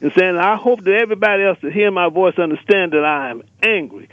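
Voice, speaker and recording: This caller's high voice comes quickly through a tinny phone line with no room sound as he rants fiery and emphatic on a radio show, cycling through repeated rallying lists.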